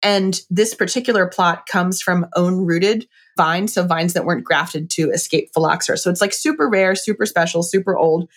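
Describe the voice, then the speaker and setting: A woman's voice: fairly low pitch, moderate pace, hardly any pauses. A middle-aged woman chatting casually and enthusiastically about wine and a book, with lots of fillers.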